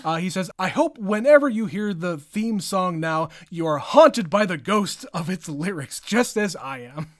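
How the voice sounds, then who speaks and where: A man with a notably high voice, co-hosting a podcast and reading out listener mail with a joking, playful drawl. His voice sounds dry and close, with no room around it. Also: animated, unhurried, hardly any pauses, no echo. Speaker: podcast co-host. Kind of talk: casual chat, reading listener emails.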